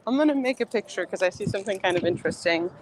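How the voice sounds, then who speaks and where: A woman's voice: medium pitch, animated, rapid-fire, slight background noise, poor audio. A woman chatting casually outdoors on a phone, rambling with lots of filler words. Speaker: guest painter on a live stream. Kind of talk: casual chat. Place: outdoors on a street. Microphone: phone held while walking.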